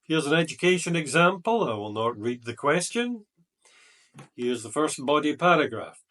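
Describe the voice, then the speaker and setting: A middle-aged man teaching a writing lesson as an exam tutor, slowly reading out example sentences and explaining them. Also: a little high, big pitch swings, a bit bright, distant mic. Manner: slow, deliberate, reading example sentences aloud. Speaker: IELTS examiner and teacher.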